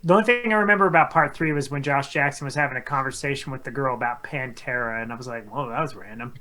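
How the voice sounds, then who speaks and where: Man, quiz contestant, chatty, jokey, thinks out loud. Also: a little high. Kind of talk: casual banter on a podcast.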